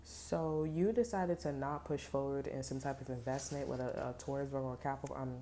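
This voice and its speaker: A woman's voice: very deep voice, fairly even intonation, a little fast, warm tone, slight background noise. A woman giving a casual tarot reading to viewers, talking in a rambling, profane, slangy way with many fillers. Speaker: tarot reader.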